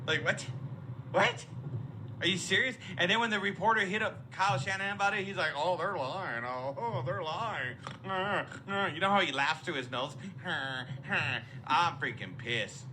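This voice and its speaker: A man's voice: high-pitched, moderate pace, background noise. A man ranting in a recorded fan message, exasperated and repeating himself. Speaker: listener sending voice messages.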